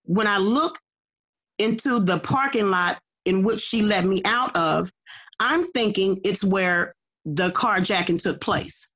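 A woman's voice: mid-range voice, takes it slowly, fairly bright tone. A middle-aged woman, an evangelist, telling her personal testimony with emphasis. She often repeats and restarts her words and keeps checking in with her listeners. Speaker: evangelist guest.

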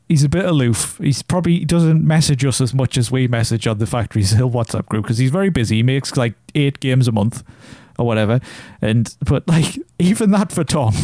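A man's voice: mid-range voice, a little mellow, dry recording, clean studio sound. A man with a Geordie accent co-hosting a casual podcast, playful and laughing often. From North East England. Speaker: podcast co-host. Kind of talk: casual chat.

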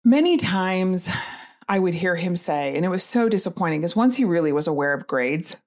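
Middle-aged woman, low-ish voice, earnest and candid storyteller, many fillers. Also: expressive, moderate pace, a little mellow. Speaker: guest telling her story. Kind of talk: personal storytelling.

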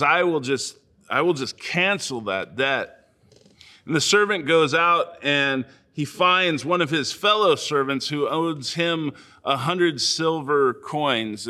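A man preaching a sermon as a pastor, speaking in a measured, earnest way with slow, deliberate phrasing. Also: medium pitch, bright, forceful tone.

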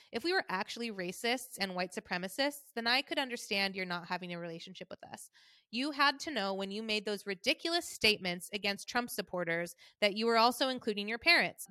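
Stern, preachy mom figure, bright and pointed, mimicked by a woman reading the message. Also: mid-range voice, no room sound, lightly acted. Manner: lecturing, preachy, emphatic. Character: stern scolding middle-aged mother, self-righteous. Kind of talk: reading a message aloud in an imitated voice.

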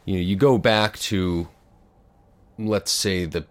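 A man's voice: sits low, takes it slowly. A man hosting an interview, asking long, rambling questions with many fillers. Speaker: interviewer host.

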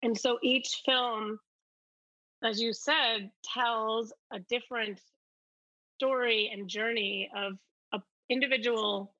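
Woman guest, reflective and earnest, deep morning voice, crisp tense tone, dry muffled lo-fi line. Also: steady tone, slow pace, sharp tone, dry recording. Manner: earnest and reflective, many fillers. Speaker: documentary filmmaker guest. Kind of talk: conversational interview answer.

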